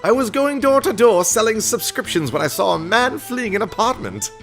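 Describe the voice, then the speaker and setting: A man voicing a squirmy, sneaky male newspaper salesman in a video game, using a fake British accent and a high, nervous, fawning voice. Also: sing-song, normal speed, a bit bright, faint music behind, exaggerated voice. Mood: nervous testimony.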